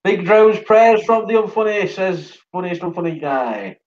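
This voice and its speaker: A man's voice: high voice, animated, measured pace. Yorkshire guy chatting on his live stream, tired, laughing a lot, bit muffled audio. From Sheffield, England. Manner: chatty, reads out viewer comments, laughs often. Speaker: livestream host. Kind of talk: casual livestream chat.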